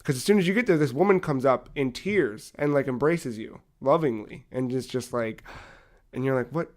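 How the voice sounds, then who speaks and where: A young man co-hosting a casual podcast, retelling a video game story with lively acted-out dialogue and frequent swearing. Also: medium pitch, normal speed. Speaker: podcast co-host.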